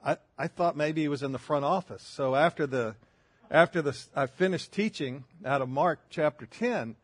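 A man's voice: fairly high pitch, moderate pace, husky, no room sound. An older man preaching a sermon, telling folksy stories with self-deprecating humor. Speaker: pastor.

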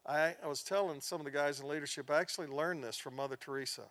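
A man's voice: on the high side, quick pace, a bit bright, no echo. A middle-aged male pastor teaching a class, who tells stories earnestly, sinks to a near-whisper at sad points and rises for emphasis. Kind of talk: sermon-style teaching.

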